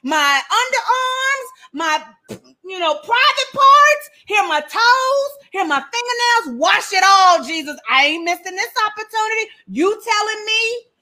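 A woman's voice: very high-pitched, animated, unhurried, pushed and bright, voice pushed up, exaggerated voice. A woman playing Peter as an eager, overexcited grown man, in a comic, pleading voice.

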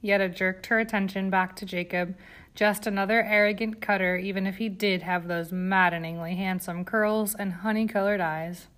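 A woman narrating an audiobook in a calm, even way. Her voice sits at an ordinary middle pitch. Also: normal speed. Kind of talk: scripted narration.

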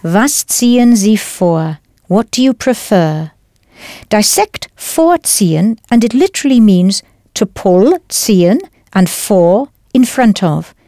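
A woman teaching a language lesson in scripted narration, explaining patiently and clearly step by step. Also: mid-range voice, lively intonation, takes it slowly, dark tone, dry recording, studio quality.

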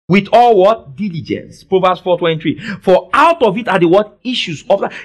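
High animated preacher. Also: male voice, brisk, few pauses. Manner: call-and-response, dramatic swings between soft and loud. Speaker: pastor. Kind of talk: preaching a sermon.

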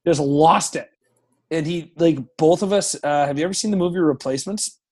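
Man, thirties, podcast guest, somewhat high voice, animated, profane, rambling. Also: a little fast, husky. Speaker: professional hockey goaltender, guest. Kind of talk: casual podcast storytelling.

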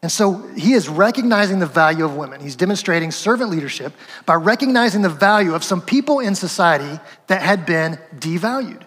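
A man's voice: high voice, lively intonation, brisk, a bit bright, husky, long reverb tail. A man preaching a sermon as pastor, conversational and asking the congregation questions.

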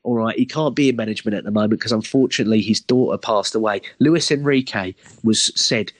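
A man's voice: on the low side, fast talker, no echo. Passionate man arguing football. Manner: passionate, insistent, laughs while arguing. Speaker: podcast co-host. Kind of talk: casual football podcast chat.

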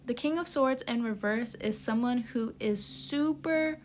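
A woman with a fairly high, youthful-sounding voice reads tarot cards in a loose, casual spoken style. She talks bluntly and swears freely as she hands out tough-love advice. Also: a little slow, a little hiss or hum. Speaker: tarot reader.

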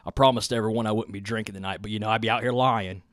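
A man's voice: lowish voice, steady tone, racing, dry recording, clean studio sound. A man with a Southern Ohio accent hosting a solo podcast, talking off the cuff in a profane, rambling, laid-back way. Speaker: podcast host. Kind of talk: unscripted solo podcast chat.

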